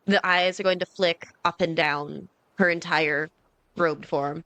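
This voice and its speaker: Slow, blunt woman player. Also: on the low side, fairly even intonation, bright, forceful tone, no room sound. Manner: blunt, guarded. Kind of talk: playing a character in a tabletop game.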